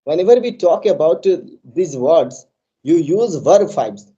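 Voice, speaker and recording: A man's voice: on the high side, animated, a little slow, dark tone, muffled recording. A man with an Indian English accent, coaching a student in a live online English lesson, earnest and repetitive in his phrasing. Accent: Indian English, put on as South Indian. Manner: earnest, coaching, repeats "just I" and "I tell you". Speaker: spoken English trainer.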